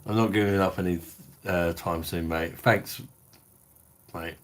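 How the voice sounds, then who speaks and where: A tipsy middle-aged man chats loosely on a live stream, swearing and calling everyone mate. His voice sits very low and deep. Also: fairly even intonation, measured pace. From England. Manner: blokey, sweary, reads out viewer comments. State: tipsy from drinking. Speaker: beer review channel host. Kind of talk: casual live stream chat.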